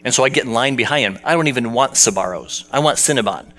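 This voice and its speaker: A man's voice: mid-range voice, animated, fast, pushed and bright. A man preaching a sermon in a conversational storytelling way, asking the congregation questions as he goes. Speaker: pastor.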